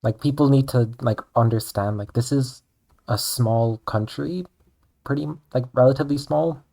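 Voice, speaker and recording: A young adult streamer and artist from Ireland chats casually while drawing, rambling along and dropping "like" into nearly every sentence. Her or his Irish-accented voice is mid-range and gravelly with a dark tone, at a moderate pace.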